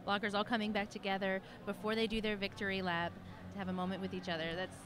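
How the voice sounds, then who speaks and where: A woman's voice: mid-range voice, flat delivery, quick pace, noisy background. A woman from the United States working as a guest roller derby announcer, affectionate in her commentary. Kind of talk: live sports commentary.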